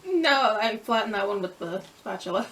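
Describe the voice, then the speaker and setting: A woman chatting casually while tasting food, giving quick replies and laughing often. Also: medium pitch, lively intonation, a bit bright. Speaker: vlog co-host. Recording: distant mic with faint room noise.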